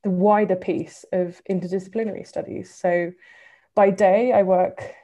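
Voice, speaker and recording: A woman's voice: medium pitch, steady tone, normal speed, mellow. A woman in her thirties with an English accent, answering interview questions thoughtfully, with lots of ums. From England. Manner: thoughtful, many ums and kind ofs. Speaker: guest, civil servant. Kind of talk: interview answers, casual talk.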